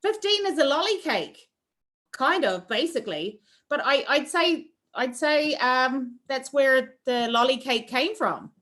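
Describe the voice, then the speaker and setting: A woman's voice: high voice, animated, a little slow, a bit bright. A woman teaching a cooking class over a video call, chatty and rambling with lots of fillers. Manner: rambling, friendly, with filler words.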